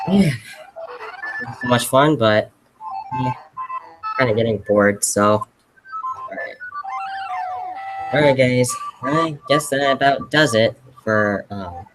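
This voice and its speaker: A man's voice: on the low side, poor audio. Brief: teenage male streamer, casual and meandering, full of "like" and restarts. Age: teens. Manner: rambling, halting, lots of fillers. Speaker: YouTuber hosting a live Q&A. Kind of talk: casual live-stream chat.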